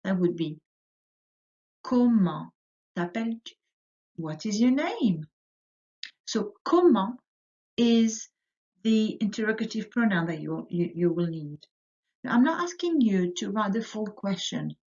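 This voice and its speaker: A woman teaching a French lesson to young children, saying words slowly for them to repeat, her pitch rising on each French word. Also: big pitch swings, mellow. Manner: slow, drilling words for repetition, rising on French words. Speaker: primary school French teacher. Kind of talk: recorded remote lesson for children. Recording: dull lo-fi audio.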